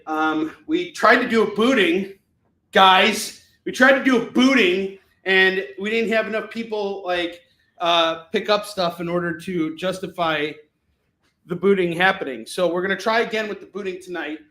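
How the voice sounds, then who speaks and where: A man's voice: sits high, a little slow, pushed and bright. Rambling man host in an echoey room. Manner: rambling, chatty, many fillers. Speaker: live shopping show host. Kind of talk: casual live-stream chat. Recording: echoey room, mic at a distance.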